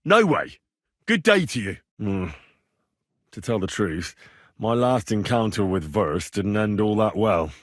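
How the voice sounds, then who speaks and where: A plainspoken young medieval commoner hero for a game, husky, animated delivery, dry booth sound. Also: male voice, lowish voice, a little slow, no echo. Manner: sardonic, swears freely. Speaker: game protagonist. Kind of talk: game voice lines.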